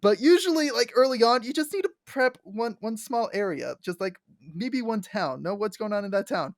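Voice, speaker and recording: A young adult woman co-hosting a casual podcast, excitedly retelling scenes with lots of likes, restarts and acted-out quotes. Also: on the high side, normal speed, no echo, clean studio sound. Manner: animated storyteller, acts out quotes with many likes and restarts. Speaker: podcast co-host. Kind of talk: casual fan chat.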